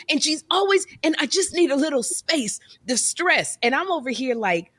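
Animated bright-voiced woman telling stories. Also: high-pitched, moderate pace, hardly any pauses. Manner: animated storytelling, exaggerating. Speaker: co-host. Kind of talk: casual chat.

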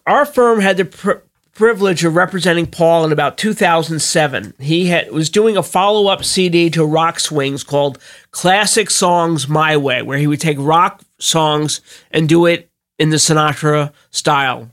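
Guy spinning showbiz stories on a podcast, high bright voice, acts out the quotes. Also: moderate pace. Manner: animated storyteller acting out quotes. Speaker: guest, entertainment publicist. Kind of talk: anecdote telling on a podcast.

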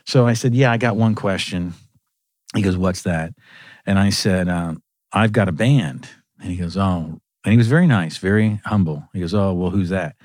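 A man hosting a casual conversation, animated and laughing as he tells long anecdotes about his music days. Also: low voice, normal speed, dry recording, studio quality.

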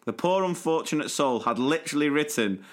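A man's voice: fairly high pitch, expressive, a little fast. Man reading teacher stories aloud. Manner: reads stories aloud with playful emphasis. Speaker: podcast co-host. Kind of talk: casual chat, reading listener stories.

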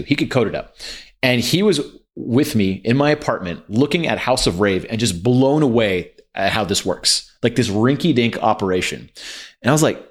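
Man, casual podcast guest, quick, lower-pitched, acts out quotes. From India. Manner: animated storyteller, acts out quoted dialogue. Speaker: guest entrepreneur.

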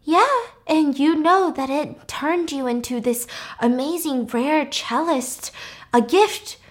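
Smug male mentor, menacing, coaxing, high-set delivery, as a woman retells it. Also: takes it slowly. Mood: smug menace.

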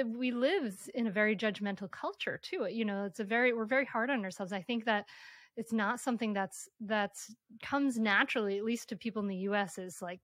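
A woman hosting a podcast, talking in a soft, reflective, halting way with many restarts during a casual interview. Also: mid-range voice, no room sound, clean studio sound. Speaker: podcast host.

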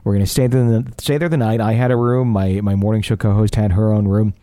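A man's voice: lowish voice, steady tone, fast, warm tone, no echo, clean studio sound. A man hosting a paranormal call-in radio show, talking in a rambling, chatty, self-deprecating way.

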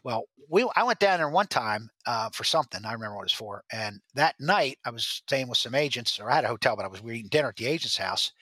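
Guy with a bright forceful voice telling war stories, rambly, dry close mic. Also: mid-range voice, lively intonation, no echo. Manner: rambling, halting anecdotes with restarts. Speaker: guest, former drug agent. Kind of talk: storytelling interview.

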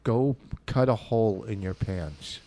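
A man's voice: fairly low pitch, unhurried, mellow. A man hosting a podcast, teasing and goading his co-host crudely. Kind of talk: casual comedic chat.

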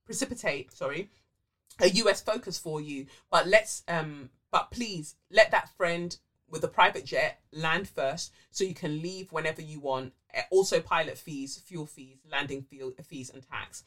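A woman podcast co-host casually reading listener letters aloud, animated, with frequent fillers and swearing. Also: low-pitched, a little slow.

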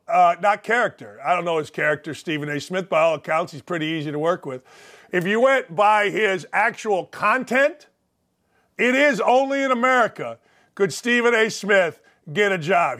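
A man's voice: high voice, bright, forceful tone. Blunt, profane male sports-talk host. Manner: blunt, profane, combative ranting. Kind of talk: opinionated sports talk rant.

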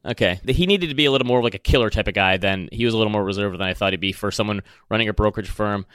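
A podcast co-host with a Michigan accent talks through his opinions in an easygoing, chatty way. His voice is bright and crisp. It is recorded close and dry, at a middle pitch for a man. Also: very fast, no echo. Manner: opinionated, chatty film talk. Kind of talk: casual chat.

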